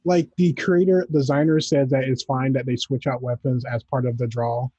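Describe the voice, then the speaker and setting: A man's voice: mid-range voice, steady tone, moderate pace, warm tone, no room sound, lo-fi sound. A young man playing a tabletop game, talking in an easygoing, self-mocking way. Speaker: player. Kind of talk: casual gaming chat.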